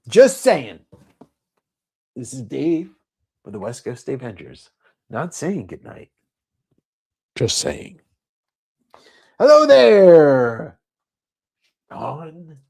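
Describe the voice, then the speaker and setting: A man's voice: medium pitch, husky. A man hosting a comic sale livestream in casual sales chat, rambling with lots of fillers.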